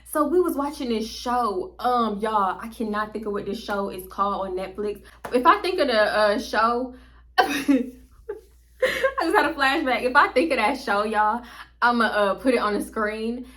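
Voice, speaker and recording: A woman's voice: on the high side, normal speed. Woman vlogger telling a wild story, slangy, keeps cracking up. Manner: animated, laughing often, slangy, talks straight to viewers. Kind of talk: casual storytime chat.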